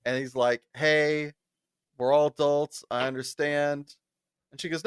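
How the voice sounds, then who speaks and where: A man's voice: fairly high pitch, a little slow, clean tone, no echo, studio quality. A man co-hosting a casual podcast chat, laughing often and acting out quoted lines as he retells scenes. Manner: animated, laughs often, acts out quoted voices. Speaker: podcast co-host.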